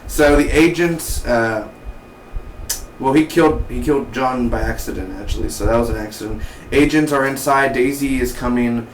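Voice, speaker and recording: A man giving a casual, slangy TV episode review, excitable and fond of calling out "dude" and "baby" between plot points. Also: mid-range voice, moderate pace, a little hiss or hum. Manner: excitable, slangy, breaks into mock voices. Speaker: TV show reviewer. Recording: roomy, distant mic, faint ambience.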